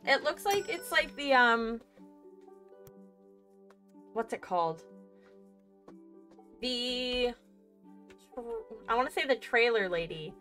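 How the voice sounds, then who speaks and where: A young woman gives casual let's-play commentary, chatty and excitable and often talking to herself. Her voice is bright and sharp. Soft game music plays behind her. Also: on the high side, slow, pauses often. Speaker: streamer.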